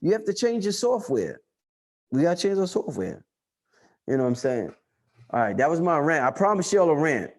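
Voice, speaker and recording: Male livestream host, high voice, forceful preaching rant. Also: sing-song, moderate pace, long pauses. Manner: loud, emphatic, profane preaching; reads and answers viewer chat.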